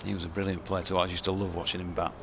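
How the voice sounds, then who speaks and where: A man's voice: deep voice, flat delivery, racing. An English man commentating on cricket with enthusiasm, often restarting his sentences as he chats. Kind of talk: ball-by-ball commentary and chat. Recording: outdoor booth with clear background noise.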